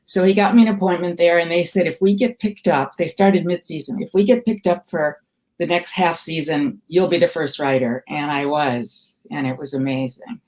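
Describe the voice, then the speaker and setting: A woman's voice: low-pitched, steady tone, normal speed, darkish tone. An older woman from Milwaukee, a comedy writer telling wry, self-deprecating stories in an interview. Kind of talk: storytelling interview.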